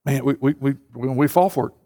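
A man's voice: medium pitch, fairly quick, dark tone. A man preaching a conversational sermon to his church, acting out quoted voices as he goes. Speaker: pastor. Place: church sanctuary. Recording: long hall reverb.

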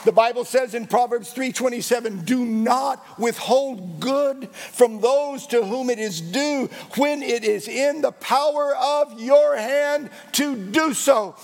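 A man preaching with a high, gravelly voice. He hammers home short lines in an emphatic, repeating cadence. His voice rings out with a long reverb. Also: takes it slowly, hardly any pauses. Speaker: pastor. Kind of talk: sermon.

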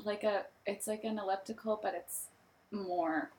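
A woman co-hosting a podcast, chatting casually in a giggly, halting way. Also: mid-range voice, steady tone, a little mellow. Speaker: podcast co-host. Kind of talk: casual chat.

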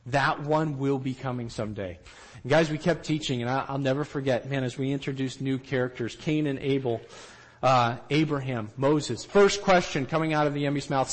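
A man giving a storytelling talk to trainees, animated, and he acts out the quotes himself. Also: mid-range voice, normal speed, poor audio. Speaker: missionary trainer.

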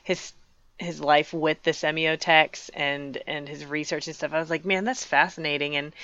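A co-host in a casual book discussion, asking curious questions, full of "like" and quick laughs. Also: mid-range voice, level tone, a bit bright, no echo, muffled recording.

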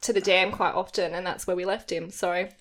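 A woman's voice: on the low side, fairly even intonation, a little fast, fairly bright tone. A young woman telling a childhood story in casual podcast chat, with lots of ums and likes. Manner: chatty storyteller, many fillers.

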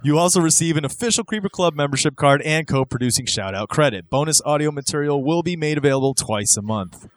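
A man co-hosting a podcast, reading a club-membership pitch in a mock-grand announcer voice, then chatting casually and rambling. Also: lively intonation, fast talker, hardly any pauses. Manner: playful, hammy announcer delivery when reading, loose and rambling when chatting. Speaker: podcast co-host.

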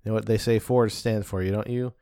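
A man's voice: fairly low pitch, steady tone, fairly quick, warm tone, dry recording, studio quality, lightly acted. A man voicing a smug middle-aged cartoon neighbor with a nasal drawl.

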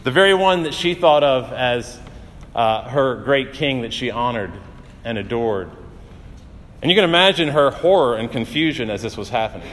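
A male pastor preaches at a middle pitch, voice carrying a long reverb through a church sanctuary. He tells his stories earnestly, pausing for drama and building emphasis as he goes. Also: expressive, fairly bright tone. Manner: earnest storytelling with dramatic pauses and rising emphasis. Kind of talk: sermon.

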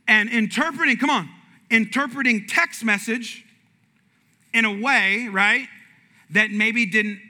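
A pastor delivers a light, joking sermon to his congregation. His voice sits high for a man and sounds very bright and sharp. He grows animated and leaps up in pitch when he acts out his stories. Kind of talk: humorous sermon storytelling.

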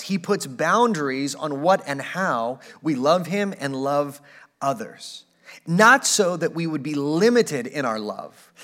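A man in his thirties preaches in a conversational way, restarting phrases and asking "right?" to check in. His voice sits a little high for a man, and he slows down to stress key words. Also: a bit bright. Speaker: pastor. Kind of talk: sermon.

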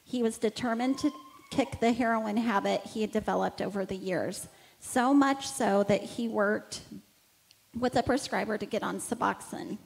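A woman who works in homeless outreach, telling stories about the people she serves in a candid, warm way. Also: medium pitch, normal speed, gravelly, rough recording. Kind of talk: storytelling talk.

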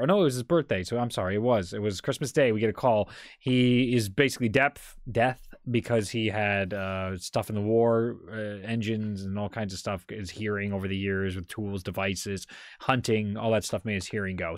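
A man's voice: fairly low pitch, normal speed, dry recording, clean studio sound. Rambling man telling stories on a podcast. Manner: rambling, animated storyteller. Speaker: podcast co-host. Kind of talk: casual chat, storytelling.

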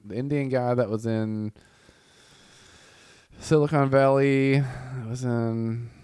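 A man's voice: mid-range voice, fairly even intonation, slow, darkish tone, clean tone, dry recording. A man co-hosting a podcast in casual chat, rambling and laughing often. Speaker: podcast co-host.

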